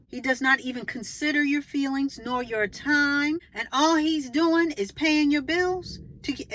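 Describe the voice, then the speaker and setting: A woman giving relationship advice in a casual monologue to camera, emphatic and preachy, full of rhetorical questions. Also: a bit bright. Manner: acts out short quoted lines with exaggerated pitch jumps.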